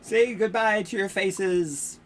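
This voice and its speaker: A woman voicing a gleeful, cartoonish male dark lord who gloats slowly over his victims. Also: mid-range voice, slight background noise, close to an everyday voice. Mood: gloating. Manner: slow, gloating, theatrical menace.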